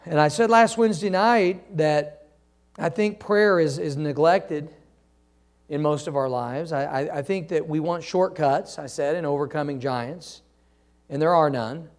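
Guy with a high voice preaching, reads verses, asks the church to fill in words, gets soft and slow on the big lines. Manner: preaching with call-and-response questions to the congregation; reads scripture aloud, drops to soft, slow phrases for emphasis. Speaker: pastor. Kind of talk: sermon.

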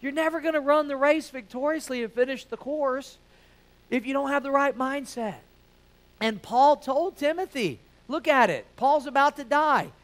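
A man's voice: very high-pitched, normal speed. A man preaching a sermon, emphatic and conversational, full of rhetorical questions.

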